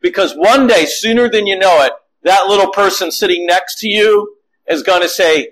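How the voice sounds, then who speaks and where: A man's voice: high-pitched, moderate pace, poor audio. A middle-aged man preaching a sermon, telling family stories and acting out the voices of the people in them. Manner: animated storytelling, acting out quotes.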